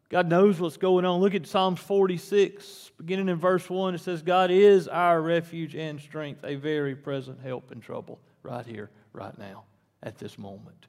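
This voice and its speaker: A man preaching a sermon in a church sanctuary, his voice sitting a little high for a man. He talks slowly and conversationally, then swells into emphatic peaks. A long reverb hangs behind every line. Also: darkish tone. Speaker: pastor.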